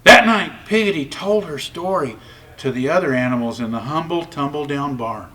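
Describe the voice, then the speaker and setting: A man reading a children's storybook aloud with expressive, varied narration. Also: medium pitch, normal speed, far from the mic. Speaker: storybook reader.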